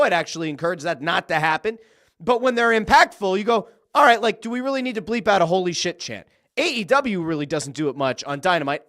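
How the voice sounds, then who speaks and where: A man hosting a solo wrestling podcast, telling the story with excitement and casual swearing. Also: high-pitched. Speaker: podcast host.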